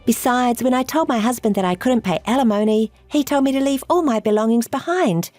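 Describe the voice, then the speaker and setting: A woman's voice: fairly high pitch, a little fast, darkish tone, no room sound, faint music behind, close to an everyday voice. A woman voicing a selfish, scheming adult woman who gloats about stealing husbands, in a texting-story voice-over. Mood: self-pitying. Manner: taunting, gloating.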